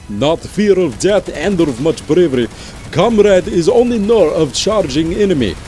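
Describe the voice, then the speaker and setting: A man's voice: on the high side, warm tone, close to an everyday voice. A man putting on a gung-ho Russian-accented soldier. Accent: fake thick Russian accent. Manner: broken English, grandiose proclamations. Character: boastful male Soviet-style soldier, gung-ho.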